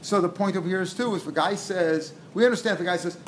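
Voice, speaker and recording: A man with a fairly high voice teaches a Talmud lesson in a loose lecture style. He repeats phrases and acts out both sides of the dialogue, mixing in Hebrew and Aramaic terms. A faint noise runs behind him. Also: fast talker. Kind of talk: lecture explaining a text.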